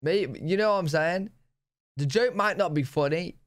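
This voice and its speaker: A slangy British man reacting to a video, with a voice that sits somewhat high for a man. He chats loosely, laughs a lot and interrupts with quick asides. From Britain. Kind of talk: casual chat reacting to a video.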